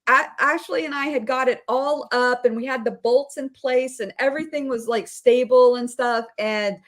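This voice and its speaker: A woman chatting casually as a podcast guest, animated, laughing often and swearing freely. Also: sits high, normal speed. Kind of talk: casual chat.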